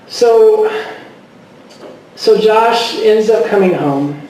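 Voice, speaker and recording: A middle-aged man giving a personal testimony, speaking haltingly with many fillers and restarts and often quoting himself. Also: sits high, dark tone. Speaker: guest speaker. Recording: echoey hall from far off.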